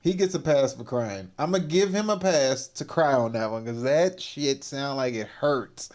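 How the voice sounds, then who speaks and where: A man's voice: medium pitch, animated, moderate pace, few pauses, a little mellow. A man hosting a livestream, giving casual, exclamatory reaction commentary and laughing often. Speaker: livestream host.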